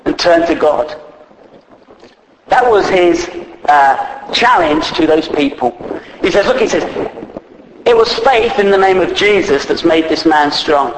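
A man's voice: a little high, animated, unhurried. A man preaching a sermon, retelling scripture in plain conversational speech with frequent fillers. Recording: echoey, faint background noise.

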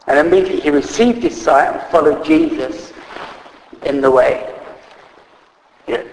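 A man's voice: a little high, moderate pace, long pauses, darkish tone. A man preaching a sermon in an earnest, unscripted way, reading scripture aloud and correcting himself as he goes. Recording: echoey hall reverb.

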